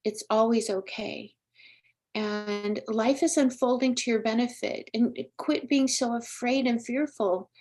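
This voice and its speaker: A woman's voice: a little high, fairly even intonation, measured pace, darkish tone. A woman hosting a live-streamed psychic reading, speaking earnestly and emotionally straight to a viewer. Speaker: psychic medium host.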